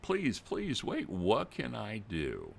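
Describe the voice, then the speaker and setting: A man's voice: low voice, big pitch swings, moderate pace, gravelly, a bit bright, heavily acted. A man putting on a flustered Southern granny. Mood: pleading. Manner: stammering, anxious, pleading. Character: flustered elderly grandmother with a Southern drawl.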